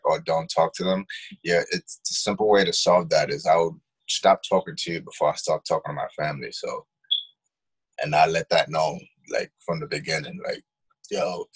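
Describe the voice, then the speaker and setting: A man's voice: sits low, husky. A man with a New York accent telling blunt, profane stories as a podcast co-host in casual chat.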